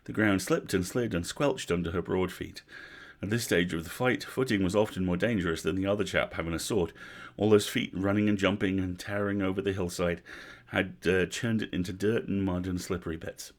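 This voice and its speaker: A man reading a story aloud on a livestream, measured, with wry asides. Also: low-pitched, fairly even intonation. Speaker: story reader.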